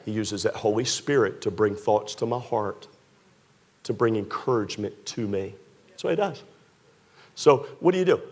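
A man preaching a sermon to a congregation, animated, his voice climbing high when he acts out pleading prayers. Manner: drops soft and low acting out a scared prayer. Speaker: pastor. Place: church sanctuary with a congregation.

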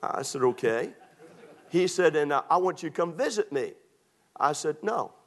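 Preacher, man, folksy and funny, slightly high voice, acts out both sides of a conversation. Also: lively intonation, moderate pace, a bit bright. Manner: folksy, humorous, acts out dialogue. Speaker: pastor. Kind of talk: storytelling sermon.

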